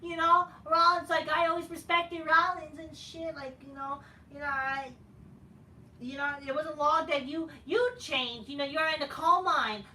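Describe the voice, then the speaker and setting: A man's voice: very high-pitched, fairly even intonation, unhurried, bright, forceful tone, a little hiss or hum. A man hosting a wrestling review show, ranting profanely and rambling with lots of fillers, recorded in an echoey room from a distant mic. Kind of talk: profane casual rant.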